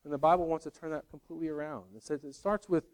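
A man's voice: a little high, fairly even intonation, fast talker. A middle-aged man giving a sermon, conversational with self-deprecating humor and acted-out quotes. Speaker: pastor.

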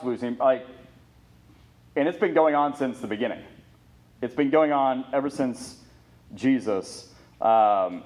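A male pastor delivering a sermon in an earnest, emphatic way. His voice sits at an ordinary middle pitch. He builds his points with lists and rhetorical questions. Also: darkish tone.

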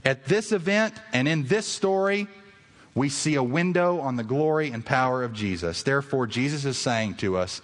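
A pastor preaches to his congregation with lively intonation at a moderate pace, his earnest delivery swelling to emphatic highs. The long reverb of a large hall surrounds his voice.

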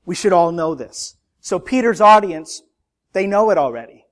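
High-voiced earnest male preacher. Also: expressive, normal speed. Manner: earnest, conversational preaching with personal anecdotes. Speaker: pastor. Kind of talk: sermon.

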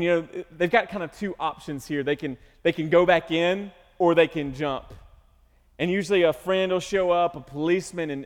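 A man's voice: a little high, long reverb tail. A man preaching a sermon as pastor, speaking earnestly and emotionally, at times rising into pleading cries.

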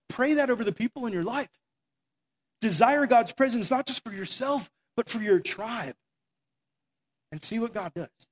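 A man's voice: very high-pitched, expressive, normal speed, pauses often. A man preaching a sermon in an earnest, conversational way, acting out quoted prayers as he goes. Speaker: pastor.

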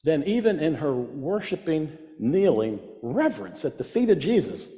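Man, preacher, emphatic sermon, repeats phrases, highish voice, reverberant hall. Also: big pitch swings, moderate pace, mellow. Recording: long reverb of a large hall.

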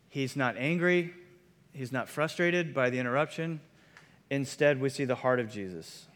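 A man preaching a sermon in a conversational, animated way, with many fillers. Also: medium pitch. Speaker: pastor. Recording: long hall reverb.

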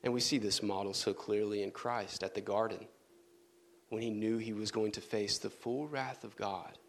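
A man preaching a sermon in an earnest manner, dropping to soft, low tones for emphasis. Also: fairly even intonation, moderate pace, creaky, slight background noise.

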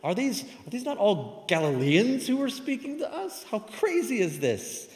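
A man putting on an astonished crowd member, high and exclaiming. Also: big pitch swings, normal speed, darkish tone. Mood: amazed. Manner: incredulous, exclaiming. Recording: echoey hall with long reverb.

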